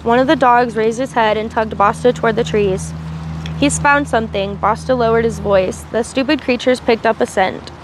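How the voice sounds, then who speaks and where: A woman's voice: a little high, fairly even intonation, moderate pace, hardly any pauses. Woman reading a novel aloud, faint traffic. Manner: reads with small slips and restarts, asides in between. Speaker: reader.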